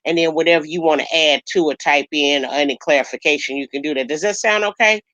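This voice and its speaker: A woman's voice: sits low, fast talker, a bit bright, no room sound, poor audio. A woman hosting a casual livestream chat, talking affectionately and calling people baby and honey. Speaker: livestream host.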